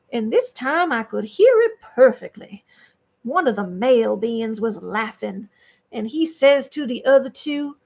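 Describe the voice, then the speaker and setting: Woman vlogger, high voice, rambly casual read-aloud with asides, dull lo-fi audio. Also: vocal fry. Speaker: vlogger reading online stories. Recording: dull lo-fi recording.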